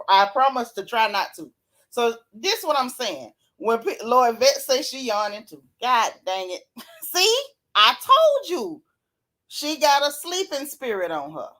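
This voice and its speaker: Live-stream host, woman, sassy and animated, slightly high voice. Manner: sassy, animated, Southern Black vernacular gossip; yawns and laughs often. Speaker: reality TV recap host reading live chat. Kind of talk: casual live-stream chat.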